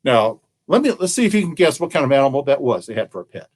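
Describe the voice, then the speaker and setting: A man who is a children's librarian, telling a folktale to camera in an animated, playful way, asking the audience questions. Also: medium pitch, quick pace. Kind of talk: interactive storytelling to camera.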